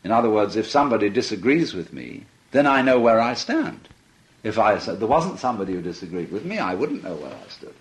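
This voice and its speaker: Older male lecturer, animated intonation, conversational and amused. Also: fairly low pitch, fairly quick, poor audio. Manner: conversational and amused, with frequent laughter. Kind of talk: philosophical lecture.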